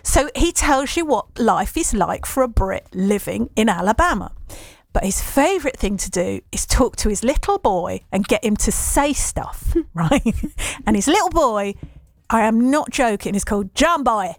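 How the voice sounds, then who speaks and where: A middle-aged woman chats away as host of a morning radio show. Her voice sits fairly high and bounces all over the place, and she gushes, trails off and picks herself up again. The sound is close and dry. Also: expressive, moderate pace, gravelly, dry recording. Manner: bubbly and gushing, trails off and restarts. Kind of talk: casual morning show chat.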